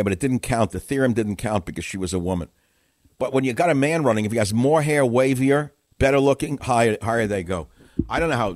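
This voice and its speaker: A man's voice: mid-range voice, dry recording, studio quality. A man from New York hosting a radio talk show, combative and mocking, firing off rhetorical questions.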